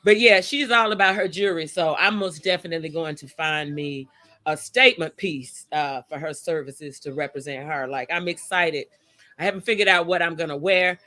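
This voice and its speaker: A woman hosts a casual livestream chat from outdoors, chatty and openly emotional. She greets her viewers by name in a bright, forceful voice. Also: sits low, normal speed. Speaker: host of a live chat show. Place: outdoors by a motion-sensor light.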